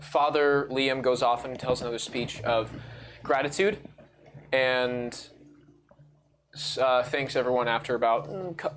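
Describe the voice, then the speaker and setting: A man's voice: mid-range voice, unhurried, long pauses, a bit bright, a little hiss or hum. A man narrating as dungeon master, rambling with lots of fillers and restarts. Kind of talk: narrating a tabletop game.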